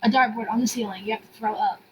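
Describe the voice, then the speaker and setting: A woman co-hosting a podcast, trading quick teasing one-liners and dad jokes. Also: fairly high pitch, steady tone, a little hiss or hum. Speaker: podcast co-host. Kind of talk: casual chat telling jokes.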